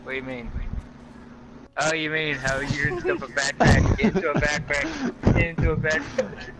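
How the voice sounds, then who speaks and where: A man's voice: fairly high pitch, moderate pace, background noise. A young man playing a streamed game with friends, laughing, teasing and swearing in casual banter.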